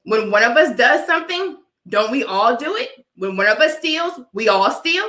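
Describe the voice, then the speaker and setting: A woman's voice: a little high, sing-song, moderate pace, pushed and bright, reverberant. A woman with a dry cough from allergies, hosting a live stream and talking her opinions through emphatically, often checking in with viewers. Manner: emphatic, repeats "all right?" to viewers. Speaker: livestream host.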